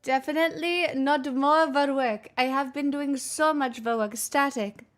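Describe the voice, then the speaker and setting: A young woman with a high-pitched voice hosts a live stream, chatting casually and unhurriedly with her viewers. She's playful and teasing and laughs often, with faint music in the background.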